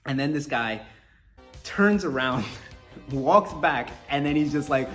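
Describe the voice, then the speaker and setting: A man from Colombia, an MMA fighter, tells a story in a loose, animated way. His voice sits slightly high, and soft music plays faintly behind him. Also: slow pace. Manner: animated, lots of fillers and restarts. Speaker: MMA fighter, podcast guest. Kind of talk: casual storytelling.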